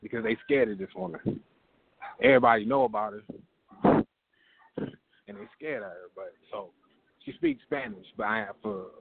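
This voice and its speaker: Gravelly man telling a comic story by phone. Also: on the low side. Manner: animated, acts out voices in his story. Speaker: open mic comedian calling in. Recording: tinny phone line.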